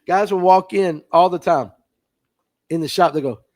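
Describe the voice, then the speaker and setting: A man's voice: high-pitched, normal speed, darkish tone. A man hosting a fishing podcast livestream, chatting casually and reading out viewer comments in a folksy way. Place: tackle shop.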